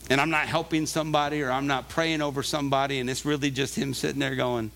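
A man's voice: medium pitch, little pitch movement, fast talker, creaky, hardly any pauses, a bit bright. Brief: male pastor, earnest conversational sermon, mid-range voice, emphatic when pressing a point.

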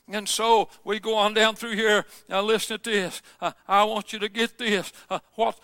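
A man preaching a fervent sermon as pastor, with many "uh" fillers and a delivery that swells into shouts. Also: high-pitched, no echo, clean studio sound.

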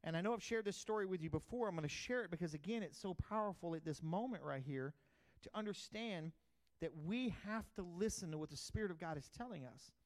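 A middle-aged pastor, preaching a sermon in a conversational storytelling way, swinging from loud bursts to quiet asides. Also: male voice, high voice, expressive, a little fast.

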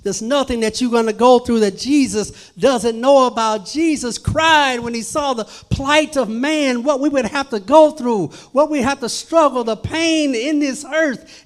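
A man preaching a sermon at a church service, swinging from hushed to loud, emphatic calls. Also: very high voice, measured pace.

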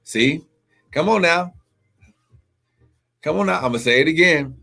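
A man's voice: fairly high pitch, expressive, a little slow, gravelly, sharp tone. A man preaching a live-streamed sermon, with fervent repetition, calls of glory and speaking in tongues, greeting online viewers by name.

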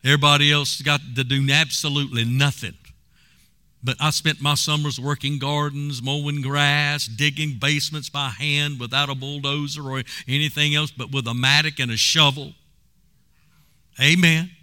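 Fervent preacher, very bright voice. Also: male voice, fairly high pitch, flat delivery, normal speed, smooth. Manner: fervent storytelling with call-outs to the congregation. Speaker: pastor. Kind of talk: sermon.

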